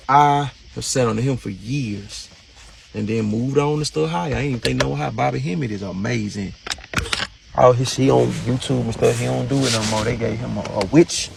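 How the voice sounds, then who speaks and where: Gravelly, profane man ranting casually. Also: slight background noise. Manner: profane, gossipy, breaks into high falsetto singing and mimicry. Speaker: streamer. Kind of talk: casual rant.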